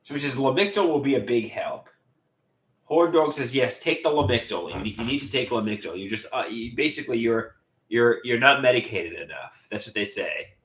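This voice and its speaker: A man live streaming and reading viewer comments aloud, talking in halting, repetitive bursts with many restarts. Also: medium pitch, expressive, fairly bright tone, roomy sound. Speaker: livestreamer.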